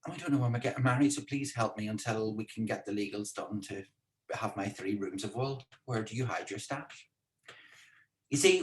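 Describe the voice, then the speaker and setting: A man hosting a casual live-streamed talk from home in a chatty, playful, teasing way. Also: fairly low pitch. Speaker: co-host and speaker. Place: indoors at home.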